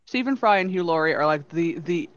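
A man telling a story in casual podcast chat, enthusiastic with quick asides. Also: fairly high pitch, lively intonation, fairly bright tone. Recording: dry, slightly dull audio.

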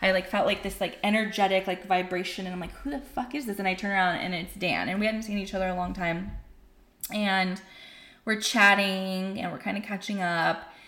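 A woman's voice: mid-range voice, steady tone, moderate pace, a bit bright. Chatty young woman in a roomy space. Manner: candid, profane, heavy use of "like". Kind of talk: casual storytelling chat. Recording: roomy echo.

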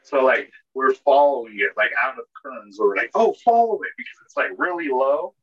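Husky rambling man. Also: medium pitch, normal speed, pushed and bright. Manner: rambling, heavy filler words, swears. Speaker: podcast co-host. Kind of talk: casual storytelling. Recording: dull lo-fi podcast audio.

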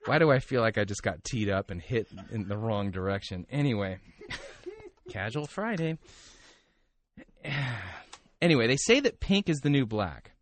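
A man's voice: fairly low pitch, sing-song, moderate pace, long pauses, a little hiss or hum. A man hosting a podcast, talking casually with wry, sarcastic asides and frequent restarts. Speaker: podcast host. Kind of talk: casual commentary and reading aloud.

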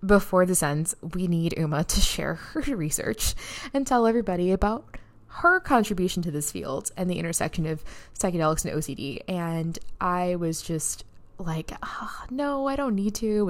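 Excited woman podcaster telling a story. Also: medium pitch. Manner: excited, breathless storytelling with frequent "like" and laughs; heartfelt and emotional. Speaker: podcast host and neuroscientist. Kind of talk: casual solo podcast recap.

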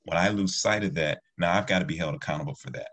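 A man's voice: low voice, quick pace, a bit bright, husky. A man who teaches martial arts, talking earnestly in a rambling, casual discussion with many restarts.

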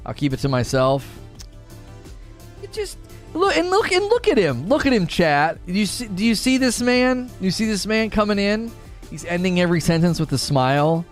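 A man in his thirties live-streaming, chatting with his viewers in an excitable, teasing way and often breaking into laughter. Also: high-pitched, moderate pace, faint music behind.

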